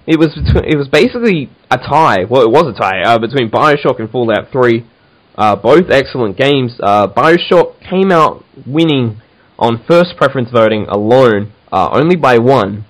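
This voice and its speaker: A man's voice: medium pitch, lively intonation, moderate pace, low-quality recording. A man hosting a casual podcast chat, talking with enthusiasm and many fillers and restarts. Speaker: podcast host.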